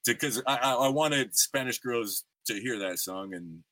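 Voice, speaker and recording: Bright, dry-voiced casual male podcast host. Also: medium pitch, expressive, measured pace, no room sound. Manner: laid-back slangy storytelling with lots of fillers. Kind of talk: casual interview chat.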